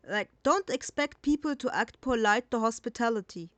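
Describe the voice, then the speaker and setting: A woman's voice: fairly high pitch, lively intonation, moderate pace, no room sound. Blunt, sarcastic woman reacting late at night. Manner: blunt, sarcastic, swears freely. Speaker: reaction commentator. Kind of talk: casual reaction commentary.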